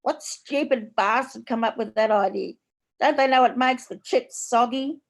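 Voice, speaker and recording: A woman's voice: fairly high pitch, normal speed, gravelly. A woman with an Australian accent voicing a crude, blunt older mother, broad and swearing, turning sweet when she wants something. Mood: indignant.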